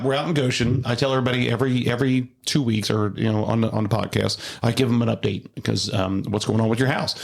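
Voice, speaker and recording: A man hosts a casual podcast, talking quickly in a gravelly voice. He rambles through his stories and restarts often. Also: medium pitch. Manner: rambling storyteller with many restarts. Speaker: custom home builder hosting a podcast.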